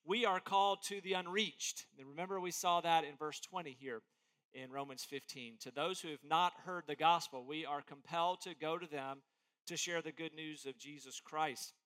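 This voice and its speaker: A man preaching an expository sermon as pastor, emphatic and animated, acting out quotes as he goes. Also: fairly high pitch, moderate pace.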